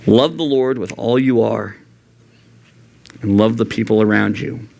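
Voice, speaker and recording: Speaking at a measured pace in a creaky voice, this young adult man gives a sincere youth sermon as youth pastor in a church youth room. Quoting God and himself, he often jumps to high, animated voices.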